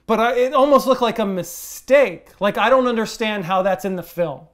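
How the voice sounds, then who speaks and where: Male podcast co-host with a high voice and an emphatic, laugh-prone delivery. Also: normal speed. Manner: animated, emphatic, laughing often. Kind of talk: casual chat.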